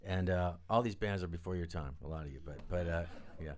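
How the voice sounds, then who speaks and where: A man, a guest on a live studio interview, telling rambling, animated stories and acting out the people he quotes. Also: deep voice, fast. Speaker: guest, record producer and drummer. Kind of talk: anecdotal storytelling interview.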